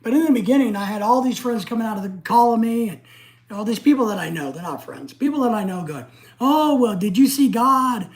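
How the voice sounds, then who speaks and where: A middle-aged woman from the United States hosting a casual livestream, ranting in an excitable, blunt and profane way. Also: medium pitch, quick pace. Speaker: livestream host.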